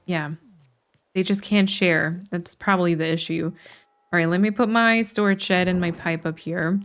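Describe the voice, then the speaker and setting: A woman's voice: fairly low pitch, fairly even intonation, normal speed. Chatty woman streamer thinking aloud. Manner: chatty, thinks aloud with frequent restarts and light laughs. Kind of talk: casual live-stream chat while playing a game.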